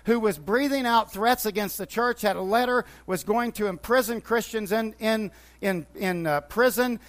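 A man's voice: high-pitched, normal speed, fairly bright tone. A man teaching from the Bible, retelling scripture stories with quoted dialogue and frequent restarts. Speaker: preacher.

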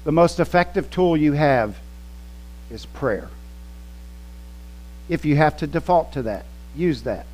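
A man delivering a sermon at a slow, deliberate pace, leaning hard on key words. His voice sits a little high for a man. A faint electrical hum runs under the recording. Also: expressive, a little mellow, low-quality recording. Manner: slow, emphatic teaching with quoted scripture and word studies. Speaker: pastor.

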